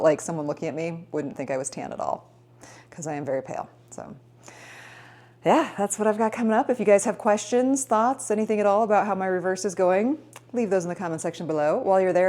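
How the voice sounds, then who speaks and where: Woman, 30s, casual vlogger, low-ish voice, rambling and upbeat. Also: dark tone. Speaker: fitness vlogger. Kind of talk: casual vlog chat.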